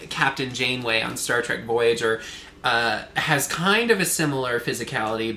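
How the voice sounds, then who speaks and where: A man co-hosting a podcast, telling rambling, animated stories in casual chat. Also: mid-range voice. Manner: rambling, animated storytelling with fillers. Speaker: podcast co-host. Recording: echoey room, faint noise.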